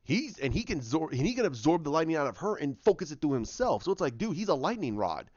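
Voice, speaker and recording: Animated man sharing TV opinions. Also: a little high, fast, dry recording, highs cut off. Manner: animated, opinionated, repeats words often. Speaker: TV show reviewer. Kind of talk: casual opinion vlog.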